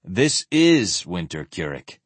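A man's voice: sits low, big pitch swings, slow pace, slightly rough, no echo, voice pushed down, full character voice. A man voicing a terse, seasoned knight who answers in short, dry remarks.

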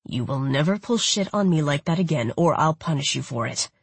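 A woman reading aloud, voicing a domineering, menacing giant of a man who growls and mutters threats in a lowered voice. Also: normal speed, slightly rough, no echo. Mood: threatening.

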